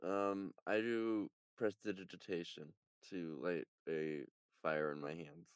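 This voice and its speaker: A man playing a tabletop game, talking in a laid-back, low-key way. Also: level tone, takes it slowly, smooth, dry recording. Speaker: player. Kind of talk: casual tabletop play.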